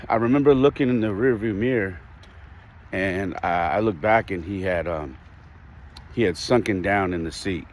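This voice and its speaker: A man's voice: sits low, normal speed. A man hosting a podcast, telling a personal story candidly and reflectively, with restarts and the odd sigh. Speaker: podcast host.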